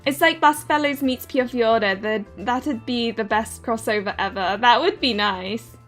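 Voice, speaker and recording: A woman's voice: on the high side, unhurried, soft background music. A young woman streaming and reviewing an otome game, chatting casually and giggling as she plays. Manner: chatty, giggly, talks while playing.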